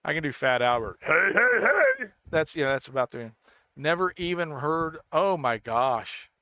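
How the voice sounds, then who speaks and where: A man talks casually to his livestream chat, circling back and restarting his sentences. His voice sits a little high and sounds bright and crisp. The recording is dry and close to the mic. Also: no echo. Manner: rambling, stammering, self-correcting, quick to laugh. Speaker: gaming streamer.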